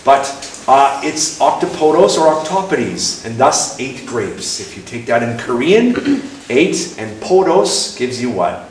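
A guest speaker gives a casual, playful talk to an audience in a lecture room, poking fun at himself and acting out little dialogues. His medium-pitched voice is very animated and a little slow. The room is very echoey, the mic distant, with a faint hiss.

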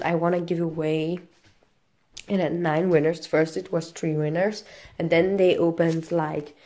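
Low-voiced woman, breathless and coughing. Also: dark tone. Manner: halting, non-native English full of fillers. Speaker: vlogger. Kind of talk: casual vlog.

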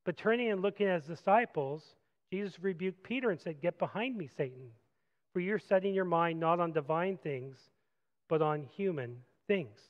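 A man preaching a sermon as pastor, animated, moving from loud acted-out quotes to quiet reflective passages. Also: high-pitched, normal speed, big-room sound, lo-fi sound. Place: church sanctuary.

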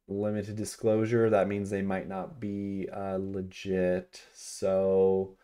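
Slow-talking man charting stocks aloud. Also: fairly low pitch, a little mellow. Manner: thinks aloud, chatty, frequent ums and exclamations. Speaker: stock market vlogger. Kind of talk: casual screen-share commentary.

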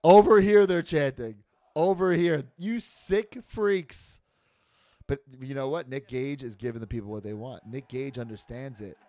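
A man in his thirties giving excitable watch-along commentary on his own wrestling match, exclaiming, laughing in disbelief and swearing now and then. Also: medium pitch, unhurried, dry recording.

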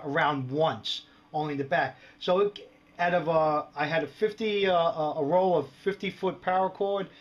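A middle-aged man giving a casual, jokey show-and-tell of his gear mods, rambling and often checking in with the viewers. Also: fairly high pitch. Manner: jokey, rambling, lots of "all right" and "right?". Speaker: prepper vlogger showing gear mods. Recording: dull lo-fi home video sound.

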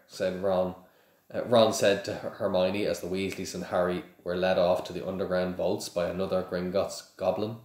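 Low-voiced man reading a storybook aloud. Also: a little mellow, echoey room. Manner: plain, with small slips and restarts. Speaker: reader.

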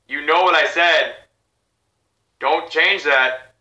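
A man hosting a reaction video, chatting excitedly to viewers. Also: fairly high pitch, slow pace, long pauses, roomy sound, recorded from a distance. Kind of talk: casual reaction commentary.

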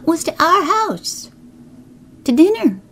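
A woman's voice: extremely high pitch, big pitch swings, takes it slowly, a bit bright, a little hiss or hum, voice pushed up, full character voice. A woman voicing a whining, gossipy older village woman with a rural New England accent, rambling on in a storybook reading. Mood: chattering. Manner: whining, rambling, self-pitying.

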